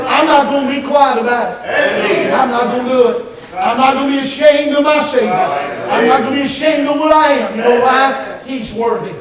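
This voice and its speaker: A male pastor preaching an impassioned revival-style sermon, shouting and firing rhetorical questions at the congregation. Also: very high-pitched, normal speed, a loud crowd. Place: church sanctuary with congregation. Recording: echoey church from far off, congregation responding.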